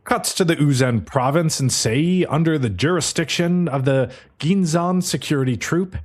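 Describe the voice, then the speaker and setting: A man's voice: fairly high pitch, normal speed. A man hosting a podcast, casually recapping an episode in a breezy, profane storytelling manner. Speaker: podcast host.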